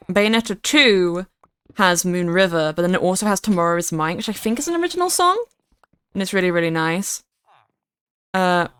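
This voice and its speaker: Her medium-pitched voice is a bit bright, clear, and resonant, captured in a dry recording. A young woman, she live-streams a game and chats playfully and casually, repeating words often for emphasis.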